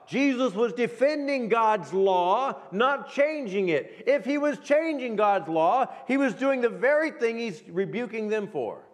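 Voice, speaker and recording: A middle-aged male pastor preaching a sermon with emphasis, slowing down to read scripture aloud. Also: high-pitched, animated. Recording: long reverb of a hall.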